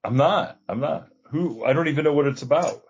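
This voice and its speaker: A man's voice: mid-range voice, fairly quick, husky, muffled recording. A man hosting a podcast, chatting casually and laughing often, trailing off with fillers. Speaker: podcast host.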